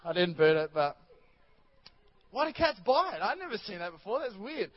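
A man's voice: high-pitched, sing-song, normal speed, lo-fi sound. A male pastor preaching a chatty sermon in church, rambling with many restarts and asides to the congregation.

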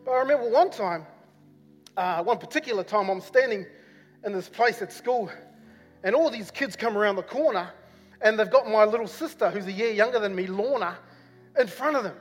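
A New Zealand pastor with a New Zealand accent preaches in a church hall, his sermon a rambling personal story full of fillers and repeats. His high voice has lively intonation and a fairly quick pace. Long hall reverb and faint music color the recording.

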